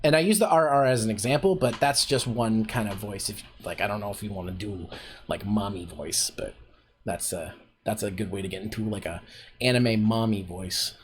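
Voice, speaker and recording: Leading a laid-back livestream voice acting workshop, a Canadian man with a fairly low voice speaks at an ordinary pace, his teaching loose and full of fillers like "like" and "um." The recording has a slight hiss or hum.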